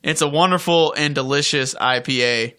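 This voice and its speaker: A man's voice: on the high side, normal speed, sharp tone, clear, resonant tone. A man co-hosting a casual podcast chat with laid-back wisecracks. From Georgia, USA. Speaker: podcast co-host.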